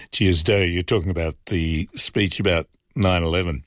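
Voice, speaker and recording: A man's voice: low voice, fairly even intonation, unhurried, a bit bright, dry recording, clean studio sound. A man hosting a talkback radio show, reading listener messages aloud and giving frank, conversational opinions with frequent ums and uhs. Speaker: fill-in talkback radio host.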